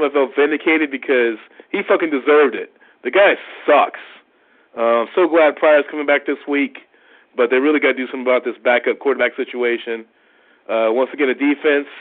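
A man leaving a profane, frustrated rant as a sports fan caller. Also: medium pitch. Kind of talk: ranting sports fan message. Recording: tinny phone-like line.

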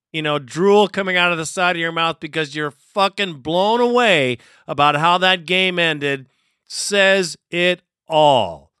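A man's voice: sits high, sharp tone, smooth, no echo, clean studio sound. A man hosting a fan podcast, talking casually with some profanity. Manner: profane, laid-back. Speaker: podcast host.

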